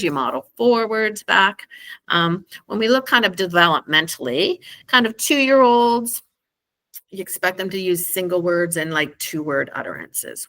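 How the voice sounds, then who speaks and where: Bright-voiced woman teaching casually. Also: mid-range voice. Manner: casual and chatty, full of fillers like "um" and "kind of"; acts out slow, emphatic child-directed examples. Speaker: school speech-language educator. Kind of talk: informal teaching presentation for parents.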